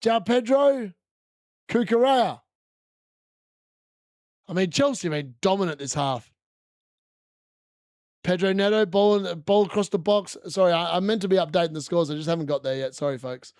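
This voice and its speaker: A high-voiced man talks through a live fantasy football watchalong, chatty between plays and loud and excited at every goal. His voice sits close and dry against the mic, with no room around it. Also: moderate pace, long pauses, no echo. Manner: excitable, shouting at goals, chatty asides.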